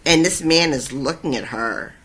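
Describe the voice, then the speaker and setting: A podcast co-host chatting casually about a book chapter, excited and swearing freely. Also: medium pitch, normal speed, slightly rough. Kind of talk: casual chat recapping a book.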